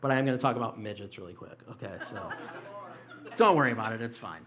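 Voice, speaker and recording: A man's voice: on the low side, fast, sharp tone. A young man doing a stand-up set in a small comedy club, telling loose, profane stories with mocking quoted voices.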